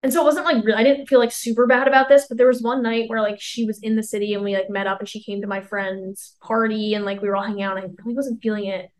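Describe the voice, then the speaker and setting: A woman's voice: on the high side, steady tone, fast, few pauses, poor audio. A young woman in her twenties co-hosting a podcast, telling a rambling story full of "like" and acted-out quotes. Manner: rambling, heavy use of "like", acts out quotes. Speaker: podcast co-host. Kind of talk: casual storytelling chat.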